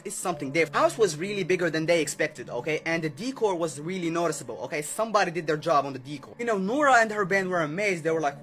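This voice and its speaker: With a high-pitched, fairly bright voice, a young man spins a creepy tale in a relaxed storytime manner. He chats away, constantly tacking on "okay?" and "right?" to keep his listeners with him.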